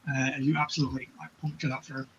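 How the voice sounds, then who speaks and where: A man's voice: medium pitch, racing. Easygoing man running a tabletop game. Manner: relaxed, hesitant with many fillers. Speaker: game master. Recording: dull lo-fi with faint noise.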